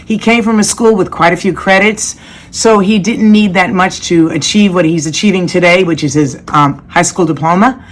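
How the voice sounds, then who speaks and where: Warm, low-voiced woman teacher. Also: moderate pace. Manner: warm, heartfelt praise. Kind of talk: speech to graduates.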